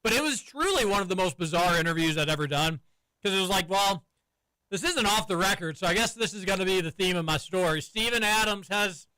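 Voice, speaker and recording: A man's voice: high voice, lively intonation, a little fast, pushed and bright, clear, resonant tone, dry recording, poor audio. A man in his thirties hosting sports radio, telling stories and teasing his cohosts in a studio. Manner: chatty, storytelling, teasing. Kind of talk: casual sports radio banter. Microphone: studio microphone.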